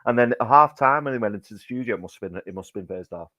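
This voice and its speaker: A man on a fan panel, excitedly retelling what he saw and acting out quotes. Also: medium pitch, rapid-fire, no room sound. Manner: animated storyteller, acts out quotes. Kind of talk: excited football fan chat.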